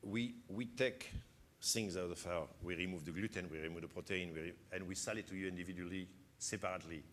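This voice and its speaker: An older French chef with a French accent speaks in a fairly low voice. He explains things patiently in an interview and keeps checking in with "you know". His tone is conversational and unhurried. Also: fairly even intonation, a bit bright, slight background noise. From France.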